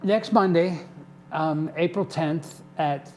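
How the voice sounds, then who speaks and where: A man's voice: on the high side, slow pace, darkish tone, a little hiss or hum. An older man guesting on a community TV show, telling casual stories in a chatty way and often checking in with "okay?". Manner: chatty, tags remarks with "okay?". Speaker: guest, community theater volunteer. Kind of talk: casual storytelling. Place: television studio.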